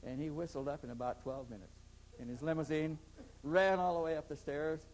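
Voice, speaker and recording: A man's voice: a little high, fairly even intonation, a little fast, darkish tone, low-quality recording. A man in an interview, telling a long story in a rambling way and often repeating his first words. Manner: rambling, repeats words when starting sentences. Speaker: interviewee recounting experiences. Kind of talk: anecdotal storytelling.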